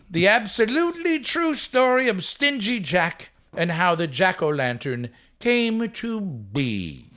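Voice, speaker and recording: A man hosting a casual comedy podcast, playful and a bit halting. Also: high voice, sing-song, a bit bright. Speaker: podcast host.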